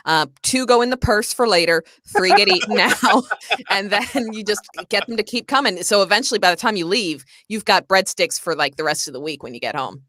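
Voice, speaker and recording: Bright-voiced wry female co-host. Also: mid-range voice, lively intonation, fairly quick, dry recording, clean studio sound. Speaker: podcast co-host. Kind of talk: casual chat.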